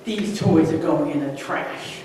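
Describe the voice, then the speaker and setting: A woman's voice: sits low, unhurried, slight background noise. A fed-up father at the end of his rope, barking curses at his daughters, as a woman storyteller puts him on. The voice rings through a big reverberant hall, caught from far off the microphone, with a faint murmur underneath. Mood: furious. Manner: shouting, cursing. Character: furious exhausted middle-aged father yelling. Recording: echoey hall, heard from afar.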